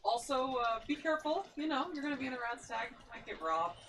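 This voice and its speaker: A woman's voice: sits high, animated, fairly quick, fairly bright tone. A woman chatting casually on a podcast, bubbly, laughing often and swearing freely. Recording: distant mic with noticeable background noise.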